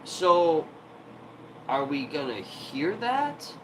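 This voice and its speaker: A man's voice: a little high, very animated, extremely slow, slight background noise, poor audio. A man hosting a livestream from home, ranting heatedly and profanely in an irritated tone. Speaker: livestream host.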